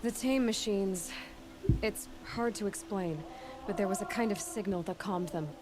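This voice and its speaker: A woman's voice: medium pitch, normal speed, close to an everyday voice. An actress voicing a young woman hunter in a video game, speaking bluntly and dryly. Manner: blunt, dry. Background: game music.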